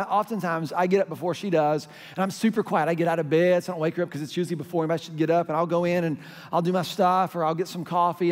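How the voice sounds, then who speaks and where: High-voiced pastor preaching in a hall. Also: male voice, a little mellow. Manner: storytelling, leads the crowd in call-and-response. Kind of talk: sermon. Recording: hall reverb.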